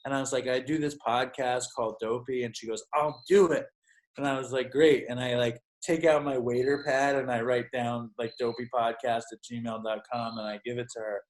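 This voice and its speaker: A man's voice: medium pitch, little pitch movement, fairly quick, hardly any pauses. A man talking as a podcast guest in casual storytelling mode. He rambles from one anecdote to the next, swears freely and leans on "like" constantly. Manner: rambling, profane, full of "like".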